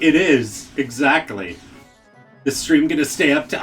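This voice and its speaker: A man hosting a live game stream, chatting casually, reading out viewer messages and laughing often with excited exclamations. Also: a little high, measured pace, recorded from a distance, faint music behind.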